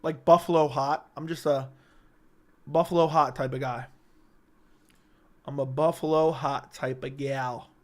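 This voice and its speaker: A man's voice: mid-range voice, steady tone, a little slow, pauses often. A young man hosting a late-night casual livestream, bantering with his chat in a brash, profane, joking way. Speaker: livestream host.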